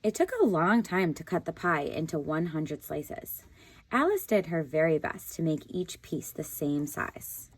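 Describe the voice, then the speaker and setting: A woman teacher reading a picture book aloud in a calm, deliberate narrating voice. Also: deep voice.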